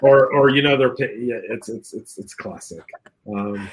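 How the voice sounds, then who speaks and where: A man hosts a live stream over a video call, reading viewer comments and reacting with laughs. His delivery is animated, and he acts out the voices of the people he quotes. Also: mid-range voice, moderate pace. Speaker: podcast host.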